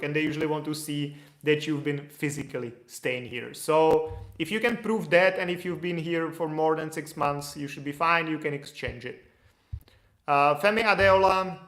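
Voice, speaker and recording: A man's voice: fairly high pitch, moderate pace, a bit bright, echoey room. A man answering viewer questions in a casual, loose explanatory way, with restarts. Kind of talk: casual Q&A livestream.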